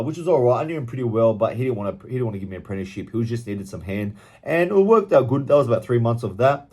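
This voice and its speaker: A man's voice: medium pitch, warm tone, husky. A young Australian man telling his own work story bluntly, swearing freely and venting openly. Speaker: vlogger. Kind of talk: candid personal storytelling.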